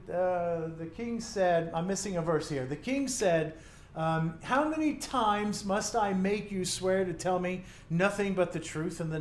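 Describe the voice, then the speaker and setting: A man preaching a sermon, retelling a scripture story and acting out the quotes with lively asides. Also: sits high, echoey room, slight background noise.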